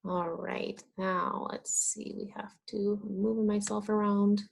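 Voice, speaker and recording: A woman teaching young children, asking questions about farm animals and answering them in a drawn-out, encouraging way. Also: medium pitch, little pitch movement, vocal fry. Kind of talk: slow, sing-song teaching of young children.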